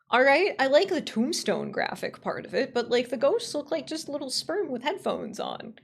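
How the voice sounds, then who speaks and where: A fairly high-voiced woman chatting to her stream in a loose, casual way. Her pitch leaps around a great deal as she flips between excited squeals and muttered complaints. She swears freely and never sounds settled. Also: moderate pace, gravelly, few pauses, a little hiss or hum. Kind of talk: casual livestream chat.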